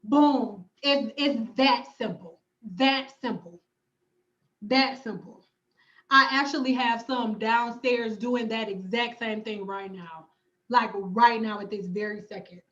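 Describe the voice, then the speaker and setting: A woman's voice: fairly high pitch, takes it slowly, fairly bright tone, muffled recording. A woman, hosting a casual hair-care livestream from home and reading viewer comments, sassy, emphatic and profane. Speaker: hair stylist and cosmetologist vlogger.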